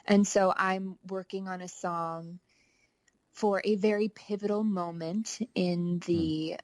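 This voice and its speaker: A young woman chats brightly as a podcast guest, upbeat and quick to laugh. Her voice sits a little low for a woman. The sound is close and dry, with no room echo. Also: steady tone. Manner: upbeat, chatty, laughs easily. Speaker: podcast guest, actor and songwriter. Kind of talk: casual interview chat.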